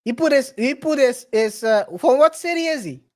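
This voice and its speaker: A man co-hosting a podcast in casual chat, halting and often repeating his words. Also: extremely high pitch, a little mellow. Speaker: podcast co-host.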